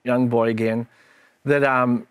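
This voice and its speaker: A man's voice: medium pitch, flat delivery, measured pace, clean tone, dry recording. A middle-aged man, a minister, in an earnest and reflective Bible discussion with his daughter, telling stories as he goes.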